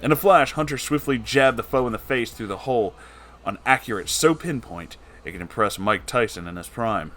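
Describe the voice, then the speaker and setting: A man's voice: mid-range voice, animated, moderate pace, a bit bright. A man reading a storybook tale aloud in a theatrical narrating manner. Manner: theatrical, switches into voices for characters. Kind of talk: dramatic storybook reading with character voices.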